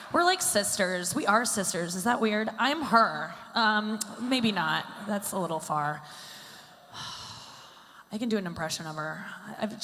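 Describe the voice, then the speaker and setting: A woman's voice: fairly low pitch, noisy background. Rambling woman comic in her thirties. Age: 30s. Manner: rambling, self-deprecating, filler-heavy delivery. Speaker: stand-up comedian. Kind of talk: stand-up comedy set. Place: comedy stage in a large hall. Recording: live venue with long hall reverb.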